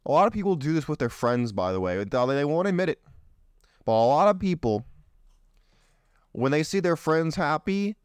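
A young man with a smooth, fairly high voice talks bluntly through a list on dating, throwing out provocative opinions as a show host. The sound is dry and close, with no room around it. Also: very animated, moderate pace, pauses often, dry recording. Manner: blunt, provocative, slips into mocking voices for others. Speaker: podcast host. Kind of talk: opinionated commentary reading a list.

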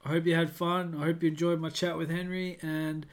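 A young man with an Australian accent talks alone into the mic for his podcast. His voice sits a little high, and his delivery is upbeat and rambling. He often stops to correct himself. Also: level tone, fairly quick. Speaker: podcast host. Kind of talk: casual solo podcast chat.

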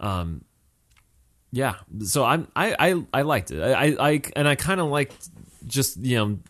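A man's voice: mid-range voice, very animated, unhurried, fairly bright tone. Rambling man chatting about a movie. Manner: rambling, many restarts and fillers. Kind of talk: casual movie review chat.

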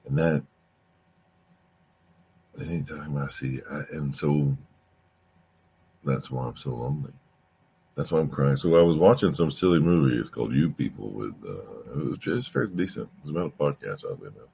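A middle-aged man hosting a rambling late-night podcast, weary and halting, often losing his thread and sounding emotional. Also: rumbling low, animated, creaky, mellow, slight background noise. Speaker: podcast host.

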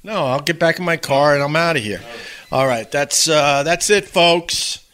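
A man's voice: a little high, normal speed, fairly bright tone. A man hosting a podcast, telling stories in an easygoing way. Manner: easygoing storyteller. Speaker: podcast host. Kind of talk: casual podcast chat. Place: outdoors in the rain by a cabin.

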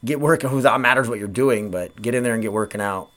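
A man's voice: mid-range voice, quick pace, fairly bright tone. A man, hosting his own podcast in a rambling, profane, self-deprecating chat. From Grand Forks, North Dakota. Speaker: podcast host. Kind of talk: casual solo podcast chat.

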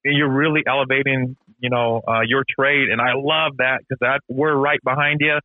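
A man's voice: mid-range voice, fairly even intonation, moderate pace, dry recording. A man who owns a fence business, a podcast guest telling stories in an earnest, casual way. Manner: earnest, storytelling. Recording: tinny phone-line call.

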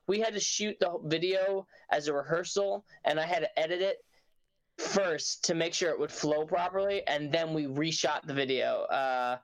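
A man from a band talking casually, halting with many restarts and fillers. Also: on the high side, steady tone, poor audio. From New York. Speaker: band member. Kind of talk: casual chat.

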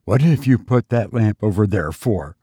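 Male reader playing a brisk, sharp middle-aged sister; husky and dry. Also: lowish voice, animated, no room sound.

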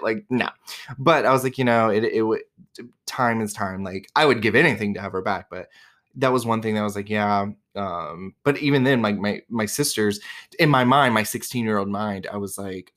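A man's voice: fairly low pitch, normal speed, fairly bright tone. A man in his twenties hosting a podcast, talking candidly and casually, with lots of fillers and swearing. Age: 20s. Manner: chatty, candid, swears freely, many "like" and "um". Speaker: podcast host. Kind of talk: casual personal monologue.

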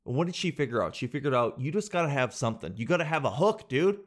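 A man hosts a reaction video, speaking to his viewers in a casual, animated way, laughing often and calling them guys and dude. His voice is medium in pitch and he talks fast.

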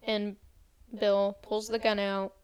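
Young woman, smooth clear voice, flat even delivery, casual movie recap. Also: medium pitch. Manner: fast casual recap, quoting characters in a light voice. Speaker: storyteller retelling a film. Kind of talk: casual retelling of a horror movie plot.

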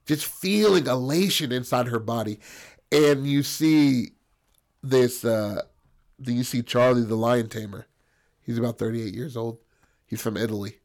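A man spins an improvised, raunchy comic tale in a mid-pitched voice, rambling and profane. He keeps checking in with his listener with "bro" and "right?". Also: unhurried, darkish tone. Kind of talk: crude improvised comic storytelling.

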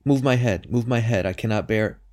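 A man's voice: fairly low pitch, a little fast, darkish tone, voice pushed up, close to an everyday voice. A man voicing a frail, sick, peevish old mother who sounds weak and fretful, in an audiobook reading. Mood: pleading.

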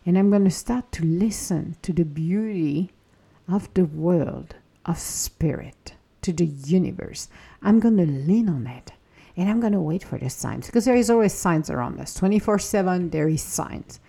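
A woman's voice: fairly low pitch, lively intonation, moderate pace, vocal fry, warm tone, husky. A woman hosting a spiritual podcast, talking in an earnest, encouraging way about trusting the universe, sometimes acting out anxious inner voices. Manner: earnest, encouraging, slips into acted inner-voice quotes. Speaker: podcast host. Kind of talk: reflective spiritual podcast talk.

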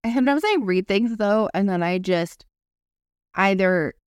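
Brief: woman co-host, middle pitch, loose rambling talk, hunts for words. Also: animated, unhurried, clean tone, no room sound, studio quality. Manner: rambling, searches for words, casual swearing. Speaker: podcast co-host. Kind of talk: casual chat.

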